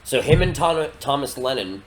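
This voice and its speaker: A man co-hosting a casual podcast chat, an animated storyteller who swears freely. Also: medium pitch, moderate pace, slight background noise. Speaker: podcast co-host.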